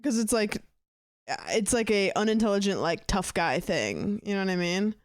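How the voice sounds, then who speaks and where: A woman chatting frankly as she reacts to clips, her talk loose and full of fillers. Her voice sits at a middle pitch and sounds dry and close. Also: expressive, normal speed, no echo. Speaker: streamer. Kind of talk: casual commentary on clips.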